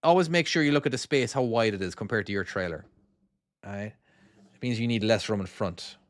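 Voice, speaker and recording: Here a Cork-accented Irishman who used to drive trucks plays a trucking game live, commenting casually and wandering off-topic as he reads chat, with frequent restarts and "all right?" His voice is lowish and fairly quick, the audio studio quality with no room sound.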